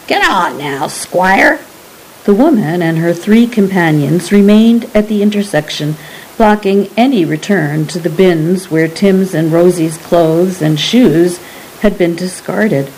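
A woman narrating an audiobook at an unhurried, deliberate pace. Her voice sits on the low side, and she reads in a steady, measured way. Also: slight background noise, low-quality recording.

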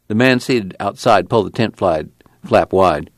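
A man reading a novel aloud, calm and measured. His voice moves expressively with the story. The recording is close and dry. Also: lowish voice, no room sound. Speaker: narrator. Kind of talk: audiobook narration.

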